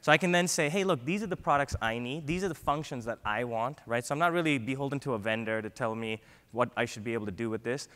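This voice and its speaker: A man giving an energetic conference keynote, often ending points with a quick "right?". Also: mid-range voice. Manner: energetic, frequent "right?" tags. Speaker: keynote speaker. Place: large conference hall. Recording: long hall reverb.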